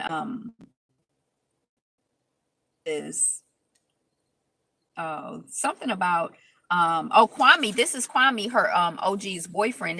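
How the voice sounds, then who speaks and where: A woman's voice: medium pitch, creaky, bright, forceful tone, poor audio. A woman casually recapping a reality TV episode, rambling with lots of fillers and restarts.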